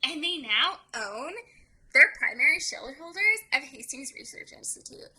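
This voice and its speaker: A woman's voice: sits high, animated, normal speed, pushed and bright. A young woman co-hosting a book podcast, recapping a novel's plot in casual chat and acting out the characters' lines as she goes.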